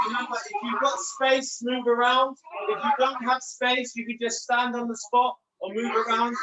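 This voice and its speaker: A woman's voice: a little high, normal speed, hardly any pauses, fairly bright tone. A woman leading a live home fitness class for children, cheerful and encouraging as she calls out moves. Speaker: fitness instructor. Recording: echoey distant lo-fi room mic.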